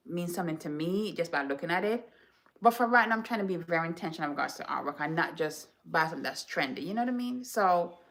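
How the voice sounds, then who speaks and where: A woman from Jamaica, a home decor vlogger, telling stories to her viewers in an animated, chatty, dramatic way. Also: on the low side. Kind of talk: casual storytelling to viewers.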